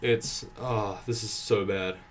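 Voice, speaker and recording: Exasperated swearing young gamer, lowish voice. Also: male voice, fairly even intonation, slow, slight background noise. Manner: exasperated, swearing, thinking aloud. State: sweaty and dry-mouthed. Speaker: gameplay commentator. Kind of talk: live gameplay commentary. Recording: slightly distant mic with keyboard typing. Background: faint keyboard typing.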